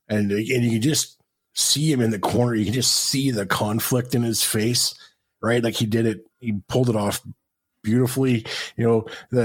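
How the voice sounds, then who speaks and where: A man co-hosting a podcast, retelling a match in casual chat and acting out the crowd's reactions. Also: mid-range voice. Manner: animated storytelling, acts out crowd reactions. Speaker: podcast co-host.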